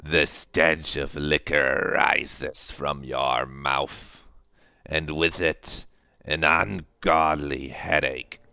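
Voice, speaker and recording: A man voicing a slow, hushed, brooding primal inner voice as he reads a game's narration aloud. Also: rumbling low, fairly even intonation, vocal fry, dry recording, pitched below the performer's own voice, exaggerated voice. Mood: grim. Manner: slow, hushed, solemn reading.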